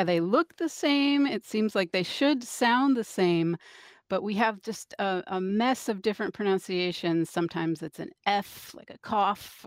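A woman linguist explains things on a radio interview, patient and thoughtful, pausing with an occasional um. Her voice sits in the middle range. The sound is dry and close-miked. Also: medium pitch, clear, resonant tone, no room sound. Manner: explanatory, thoughtful, with fillers and restarts. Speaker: linguist and author, guest.

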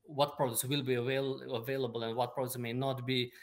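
Male expert guest, mid-pitched, measured and halting delivery. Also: flat delivery. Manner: measured, explanatory, many ums and uhs. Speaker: supply chain expert guest. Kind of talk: remote interview answers.

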